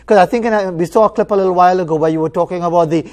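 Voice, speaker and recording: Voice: mid-range voice, a little mellow. An interview host moderating a panel, speaking politely and often restarting phrases. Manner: polite, halting, repeats words at the start of phrases.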